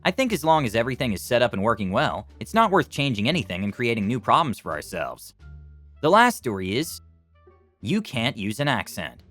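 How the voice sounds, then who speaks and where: Man narrating with lively intonation. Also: mid-range voice, fairly quick, faint music behind. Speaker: narrator of reader-submitted stories. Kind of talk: scripted story narration.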